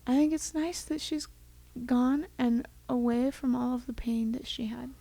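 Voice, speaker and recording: A young woman co-hosts a podcast in a loose, rambling way, with plenty of fillers. Her voice sits a bit high, with a gravelly vocal fry running through it, and she sounds tender and close to tears. The recording is dry and close, with almost no room sound. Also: fairly even intonation, a little slow, mellow, no echo. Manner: chatty, rambling with many "like"s. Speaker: podcast co-host. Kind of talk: casual chat.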